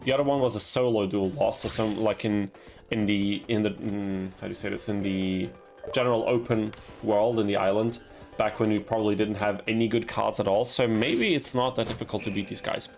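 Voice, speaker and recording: Young male streamer, gravelly, chatty, laughs at his own blunders. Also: fairly low pitch, fairly even intonation, brisk, faint music behind. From Austria. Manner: chatty, laughs at himself, yelps in frustration. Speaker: gaming streamer. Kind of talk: casual gameplay commentary with chat.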